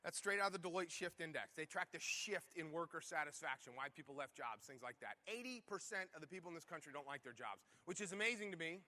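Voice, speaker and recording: A man's voice: a little high, animated, fast talker, few pauses, sharp tone. A man giving a motivational keynote talk to a conference audience, firing off punchy rhetorical questions. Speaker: conference speaker.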